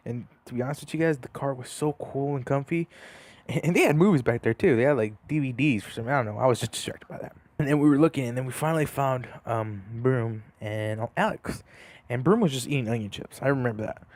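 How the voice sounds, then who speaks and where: A man's voice: medium pitch, fast talker, darkish tone, no room sound. A young man casually telling a story over gameplay, rambling with lots of fillers and restarts. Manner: rambling, many fillers and restarts, laughs at himself.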